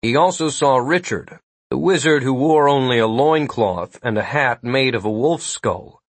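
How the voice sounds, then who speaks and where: A man narrating a fantasy story in a measured audiobook style. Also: mid-range voice, no echo. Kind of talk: scripted narration.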